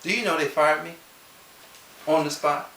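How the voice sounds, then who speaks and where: A man speaking as a motivational speaker, telling a personal story in a lively, conversational way and putting questions to his listeners. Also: fairly high pitch, moderate pace. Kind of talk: animated personal storytelling to an audience. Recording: roomy sound from a distance with faint hiss.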